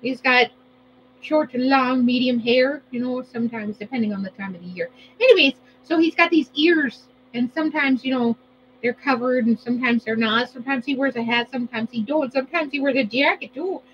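Playful, rambling high-voiced woman. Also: a little fast, highs cut off, slight background noise. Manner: rambling, playful, self-correcting. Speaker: vlogger. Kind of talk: casual chat while cooking.

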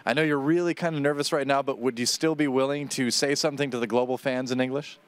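Smooth-voiced male esports interviewer. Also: mid-range voice, steady tone, quick pace. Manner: casual, upbeat. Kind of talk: post-match interview.

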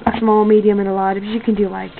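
A woman's voice: medium pitch, level tone, fast talker, creaky, narrow, tinny audio, background noise. A female contest host in a casual home video, rambling and correcting herself often. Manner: rambling, with many fillers and self-corrections.

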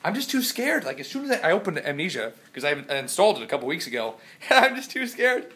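A man chatting in a rambling, jokey vlog from his house, still sick, swinging from loud outbursts to mumbles. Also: high voice, very animated, quick pace. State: sick, congested. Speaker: vlogger. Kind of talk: casual vlog chat.

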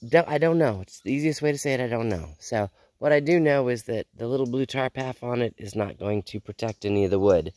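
A woman vlogging outdoors in her backyard garden. She rambles in a casual, unhurried way, sounds a little out of breath, and feels unwell. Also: a bass voice, mellow, no room sound. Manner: rambling, unhurried, with repeated sign-offs. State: feeling unwell. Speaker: homestead vlogger. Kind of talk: casual chat.

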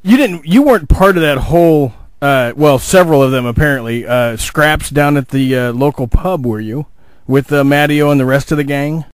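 A male interviewer with a somewhat high voice asks a question. He hesitates and fills gaps with "uh", and the sound is dry and close. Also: normal speed, no room sound. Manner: hesitant, many fillers.

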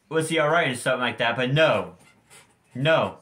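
A man's voice: medium pitch, lively intonation, normal speed, fairly bright tone. A teenage boy ranting angrily to his viewers in a storytime vlog, heated and full of swearing. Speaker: vlogger. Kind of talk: angry storytime rant.

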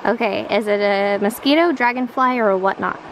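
A woman vlogging on a hike beside a creek, chatty and playful, and quick to get worked up. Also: medium pitch. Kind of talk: casual outdoor vlog chat. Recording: noisy outdoor recording.

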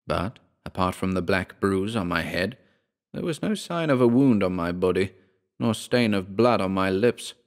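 A man narrating a horror story as an audiobook, slow and dramatic, dropping to a hush in the darkest passages. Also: low-pitched, animated.

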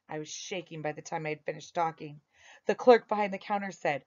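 A woman reading a children's story aloud with expressive delivery. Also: sits low, moderate pace. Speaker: reader. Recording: dull lo-fi recording.

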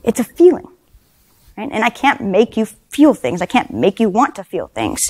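A woman's voice: medium pitch, huge pitch swings, normal speed, darkish tone, breathy edge. A woman in her thirties giving a leadership talk at a conference, speaking conversationally with lots of "right?" tag questions and dry self-deprecating humor. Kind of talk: leadership talk to a live audience. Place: conference session room.

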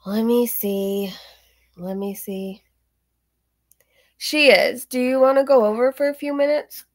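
Young female streamer, casual and dismissive, gravelly tone. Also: high voice, moderate pace, dry recording, clean studio sound. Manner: offhand, dismissive, rambling with fillers. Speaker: commentary streamer host. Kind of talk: casual live-stream chat.

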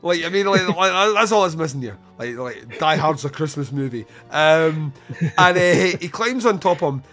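A man's voice: on the high side, lively intonation, moderate pace, fairly bright tone, soft background music. Chatty, sweary podcast host, man. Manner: swears casually, laughs often, retells scenes with lots of fillers. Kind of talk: casual film review chat.

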